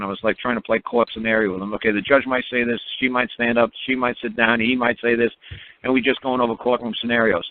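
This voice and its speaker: Male radio talker, mid-pitched, blunt and emphatic, laughs at his own stories, heard over a tinny phone line. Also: level tone, quick pace. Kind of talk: animated monologue on a call-in radio show.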